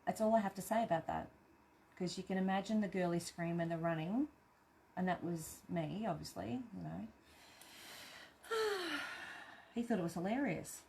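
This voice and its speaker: A woman's voice: lowish voice, expressive, moderate pace, gravelly, long pauses, a little mellow, a little hiss or hum. An Australian woman hosting a live craft stream, chatting casually and reading out viewer comments, laughing often and swearing cheerfully.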